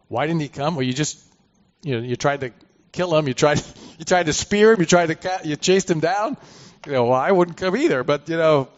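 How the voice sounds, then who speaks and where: A man teaching through a Bible passage, reading verses aloud and commenting in a conversational way with asides. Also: mid-range voice. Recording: dull lo-fi recording.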